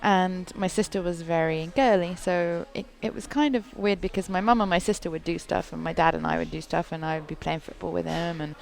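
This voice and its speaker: An Englishwoman with a low, gravelly voice, sitting at a dinner table as a guest and chatting in a relaxed, talkative way. She tells her stories easily and laughs along the way. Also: brisk, few pauses. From England. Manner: chatty storytelling, laughs often. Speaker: racing driver guest. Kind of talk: casual dinner chat.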